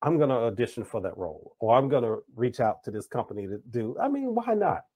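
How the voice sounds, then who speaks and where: A man hosting a podcast interview, telling stories in an animated, chatty way. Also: mid-range voice, fast talker, husky, dry recording. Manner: animated storyteller, acts out quoted voices. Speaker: podcast host. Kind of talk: casual conversational interview.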